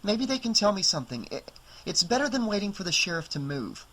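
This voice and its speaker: A woman's voice: mid-range voice, very animated, brisk, a bit bright, pitched above the performer's own voice, poor audio. A man reading an audiobook, voicing a determined, defensive young woman who talks in clipped, insistent bursts.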